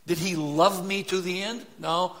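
Slow, bright-voiced man preaching. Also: high voice, steady tone. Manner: conversational, tag questions like "right?". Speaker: pastor. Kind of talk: sermon.

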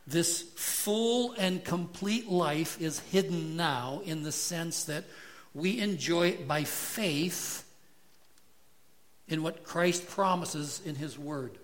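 Male pastor, slightly high voice, slow deliberate delivery, earnest sermon tone. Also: fairly bright tone. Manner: slow, earnest preaching with rising intensity. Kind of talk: expository sermon.

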